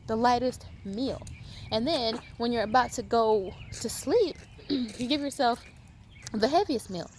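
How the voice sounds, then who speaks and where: A woman's voice: fairly high pitch, measured pace, a little hiss or hum. A woman talking straight to the camera in an emphatic, scolding way, firing rhetorical questions at her viewers in a vlog. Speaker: video host. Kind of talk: animated lecturing vlog.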